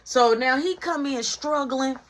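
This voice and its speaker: A man tells a comic story from his own life and switches into each person's voice. His tone is bright and lively. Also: extremely high pitch, measured pace. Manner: animated, acts out every voice. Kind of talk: comedic storytime.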